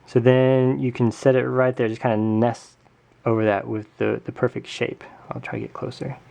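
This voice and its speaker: Guy doing a diy tutorial at his table, gravelly voice, rambly and jokey, camera mic. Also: mid-range voice, level tone, moderate pace, mellow. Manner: chatty, self-correcting, jokey asides. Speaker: tutorial host. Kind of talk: casual hands-on tutorial.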